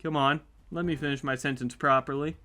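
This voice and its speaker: A man's voice: mid-range voice, brisk. A man hosting his channel, giving chatty, upbeat play-by-play commentary on a map simulation. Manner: upbeat, chatty, reacts with excitement. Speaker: YouTube host.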